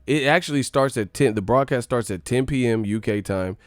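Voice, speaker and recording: A man's voice: mid-range voice, a little fast, dry recording, studio quality. A young man hosting a live stream, casually swearing and mocking his chat in slangy talk.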